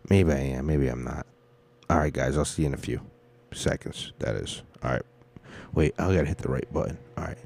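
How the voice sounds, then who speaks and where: A man's voice: rumbling low, vocal fry, dark tone. A man hosting a comedy podcast from home at night, rambling and swearing into a close mic. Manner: rambling, profane, self-deprecating. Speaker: podcast host. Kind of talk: casual comedic monologue. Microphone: mic turned up close.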